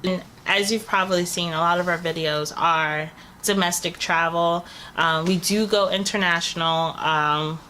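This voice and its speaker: A woman's voice: lowish voice, fairly even intonation, unhurried, hardly any pauses, pushed and bright. Chatty young woman telling a story. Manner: chatty, rambling, many fillers. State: recovering from a cold, coughing. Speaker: travel vlogger, channel co-host. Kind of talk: casual storytelling to camera. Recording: faint background noise.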